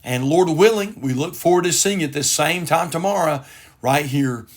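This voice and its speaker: A man's voice: fairly high pitch, moderate pace. A man, a pastor hosting a broadcast, preaching in an earnest, repetitive way. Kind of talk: devotional broadcast sermon.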